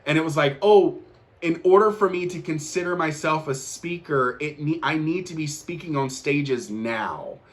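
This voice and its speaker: Young man, earnest motivational host, emphatic, repeats lines, slightly high voice. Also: normal speed. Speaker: podcast host. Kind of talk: motivational monologue.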